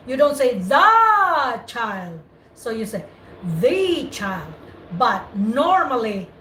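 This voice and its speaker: A woman tutoring English pronunciation in a casual, patient way, explaining rules slowly. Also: fairly high pitch, a bit bright, a little hiss or hum. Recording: echoey room, distant mic.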